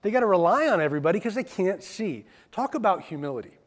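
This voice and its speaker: A man preaching in a relaxed, conversational way, with casual asides. His voice sits high and swings widely in pitch as he talks. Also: quick pace. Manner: animated, plain-spoken, drops into casual asides and acted quotes. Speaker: pastor. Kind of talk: conversational sermon.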